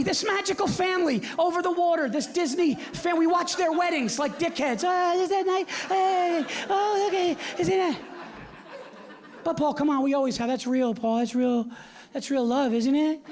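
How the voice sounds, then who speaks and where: A male stand-up comedian performing on a theater stage, ranting with constant profanity and swinging from hushed asides to shouting. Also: high voice. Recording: live audience laughter and room noise.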